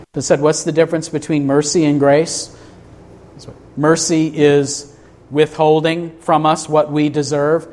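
A man's voice: a little high, darkish tone. A man preaching a sermon to a congregation in a church, emphatic, asking rhetorical questions. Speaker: pastor.

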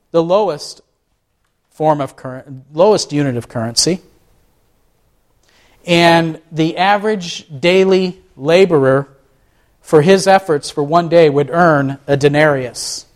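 A man giving a conversational sermon, asking the listeners rhetorical questions and often restarting his phrases. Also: on the high side. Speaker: pastor.

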